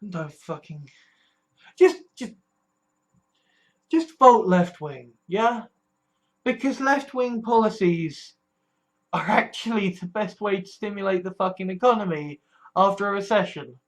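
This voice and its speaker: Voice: medium pitch, animated, a little slow. A vlogger talking anxiously about the future, swearing often and restarting phrases, scared and distressed. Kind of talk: personal political vlog.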